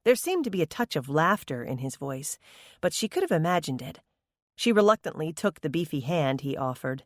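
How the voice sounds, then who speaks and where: A woman narrating a novel in an audiobook with expressive storytelling. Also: deep voice, normal speed, dry recording, clean studio sound. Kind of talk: scripted narration.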